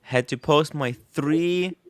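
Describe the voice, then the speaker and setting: A man hosting a livestream chat. He laughs often and pauses to read out super chats. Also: on the high side, no echo. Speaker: host. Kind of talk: casual chat.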